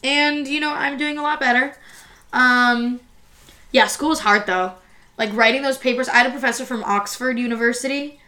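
A young American woman from New Jersey, chatting casually and telling animated stories with lots of fillers. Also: high-pitched, moderate pace. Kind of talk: casual chat, storytelling.

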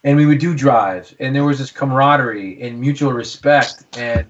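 A man's voice: mid-range voice, normal speed. Eager rambling man on a muffled podcast. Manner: eager, rambling, repeats words while thinking. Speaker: podcast guest, bowhunter. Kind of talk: casual storytelling. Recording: slightly dull lo-fi audio.

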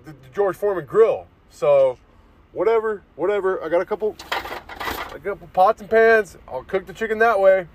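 A man ranting straight to camera, swearing freely and rambling from one grievance to the next. His voice sits a little high for a man, and he keeps tripping over restarts. It sounds like a loose vlog recorded in a vehicle. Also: animated, normal speed, no room sound. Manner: profane, rambling, restarts often. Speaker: vlogger. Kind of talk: casual ranting monologue.

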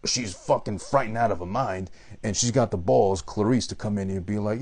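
A man's voice: lowish voice, fairly quick, darkish tone, breathy edge. A man giving a rambling, profane, casual monologue about a movie he loves. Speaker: movie reviewer.

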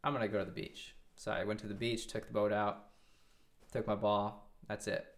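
Young man, low voice, rambling storyteller. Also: little pitch movement, fairly quick. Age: 20s. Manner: rambling, with many restarts and quoted dialogue. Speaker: guest. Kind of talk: casual storytelling interview.

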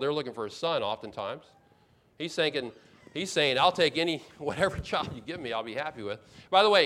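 Male pastor, sermon delivery, fairly high voice, emphatic and repetitive, slips into first-person asides. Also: a bit bright. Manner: expository preaching with emphatic repetition; acts out the speaker's complaints in first person.

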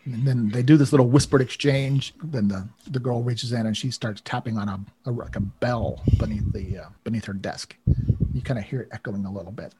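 A man's voice: mid-range voice, fairly quick, dark tone, a little hiss or hum. A man narrating as game master, casual and rambling with many fillers.

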